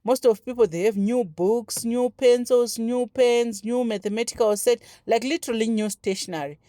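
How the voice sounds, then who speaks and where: A woman tells a story at home in a casual vlog. Her voice is mellow and warm, with a dry, close sound and no room echo. She talks in an animated, looping way, full of fillers and restarts. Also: fairly high pitch, moderate pace. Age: 30s. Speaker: vlogger. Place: home, braiding her daughter's hair.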